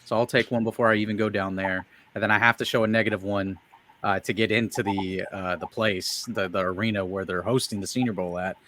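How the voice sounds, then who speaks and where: A man co-hosting a sports podcast, talking in a rambling, halting way. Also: lowish voice, steady tone, pushed and bright. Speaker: co-host. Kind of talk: casual sports chat.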